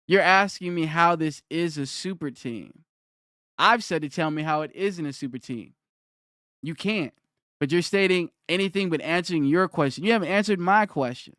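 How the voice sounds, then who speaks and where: A man's voice: fairly high pitch, normal speed, fairly bright tone, no room sound, clean studio sound. A young man on a live stream who argues with his chat, repeats his challenge and reads their comments aloud.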